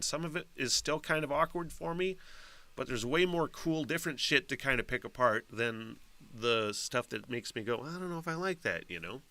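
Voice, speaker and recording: A man's voice: mid-range voice, pushed and bright, no room sound. A middle-aged man hosting his own podcast, chatting casually, swearing freely and reading a news story aloud with rambling asides. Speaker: podcast host. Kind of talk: casual solo podcast chat.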